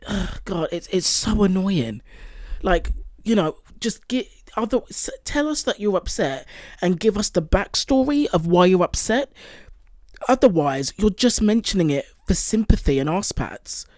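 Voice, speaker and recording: A woman's voice: fairly low pitch, animated, moderate pace, darkish tone, no room sound, clean studio sound. A woman hosting a reaction channel, talking casually with lots of fillers and exasperated asides. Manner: exasperated, rambling with many fillers. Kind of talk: casual commentary.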